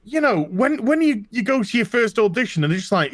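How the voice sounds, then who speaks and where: British man, fairly high voice, animated rambling, dry close mic. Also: brisk, no room sound. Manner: animated storytelling, swearing, mock accents. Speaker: co-host. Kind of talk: casual chat.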